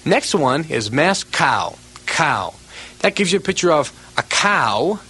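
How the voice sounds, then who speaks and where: A man teaching a recorded memory course, repeating example words slowly and with emphasis. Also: a little high, very animated, bright, forceful tone, slightly rough, rough recording. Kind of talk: recorded instructional lesson.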